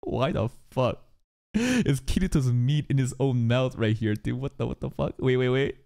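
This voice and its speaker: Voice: medium pitch, moderate pace, creaky. A streamer reacting live to an anime episode, swearing often, exclaiming and laughing while talking over the show. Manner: excitable and profane, swearing often. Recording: anime soundtrack playing loud behind.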